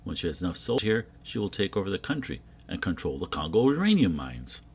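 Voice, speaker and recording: A man reading a jungle adventure comic aloud, voicing every character himself and getting loud on the shouted lines. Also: sits low, sing-song, fast talker, breathy edge. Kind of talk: dramatic comic book reading.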